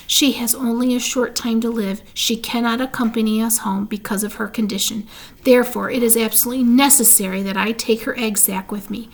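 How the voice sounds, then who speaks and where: A woman's voice: a little high, steady tone, fairly quick. A woman reading a storybook aloud, voicing an anxious, earnest young male pig who pleads with emotion. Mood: urgent pleading.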